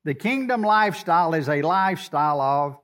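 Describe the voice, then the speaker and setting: A man preaching with a high voice and a drawl. He quotes scripture and talks to the congregation in a loose, conversational way. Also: animated, a little fast, a bit bright. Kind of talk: sermon.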